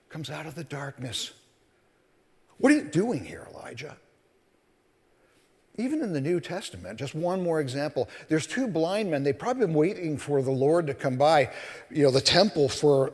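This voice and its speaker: A male minister giving a sermon, telling scripture stories in an animated way and acting out the voices. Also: on the high side. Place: church sanctuary. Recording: long reverb of a large hall.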